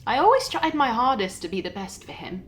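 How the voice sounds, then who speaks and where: An actress playing a young wife who records a shaken video message to her mother, speaking softly and haltingly. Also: a little high, big pitch swings, a little hiss or hum, low-quality recording. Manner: soft, hesitant, halting delivery with quiet dips. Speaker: actor in a short film. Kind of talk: dramatic monologue as a video message.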